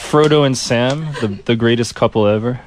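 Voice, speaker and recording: A man's voice: mid-range voice, brisk, very noisy. A man co-hosting a radio show who wrote the skit and chattily explains its joke. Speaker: radio co-host and writer. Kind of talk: casual radio banter. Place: radio studio.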